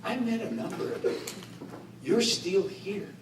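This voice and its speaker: A middle-aged man addresses an indoor community gathering in a raised, impassioned voice, with a high-pitched delivery. He is heard from some way off in an echoey room with faint background noise. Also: measured pace. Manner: impassioned, rhetorical, with joking asides. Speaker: guest speaker. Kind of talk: political speech to a community gathering. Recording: echoey room, voice picked up from a distance.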